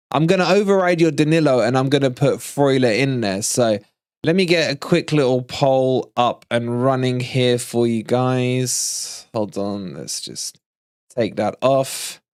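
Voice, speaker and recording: A man's voice: mid-range voice, no echo, clean studio sound. Teasing man hosting a live stream. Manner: animated, teasing, laughs often. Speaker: fan channel livestream host. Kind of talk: casual live-stream chat.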